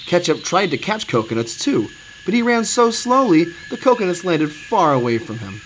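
A man reading a children's storybook aloud, expressive and sing-song. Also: sits high, normal speed, low-quality recording. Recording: steady background noise.

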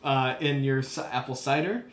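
Male podcast host, relaxed rambling chatter, roomy reverb. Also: mid-range voice, normal speed, a little hiss or hum. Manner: laid-back, laughs often, rambling. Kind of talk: casual chat.

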